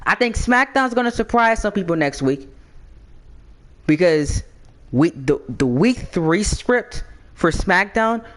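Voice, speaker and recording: An excitable man recapping a wrestling game season on his channel. He stammers, repeats words and fills gaps with "you know". His talk speeds up and slows down as he works through his thoughts. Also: sits high. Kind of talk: casual recap vlog.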